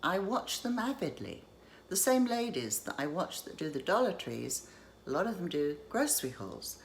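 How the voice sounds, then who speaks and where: A woman talks straight to her viewers in a chatty, self-deprecating way. Her voice sits low, but it rises and falls freely as she goes. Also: sing-song, moderate pace, slight background noise. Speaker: YouTube haul vlogger. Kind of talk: chatty vlog monologue.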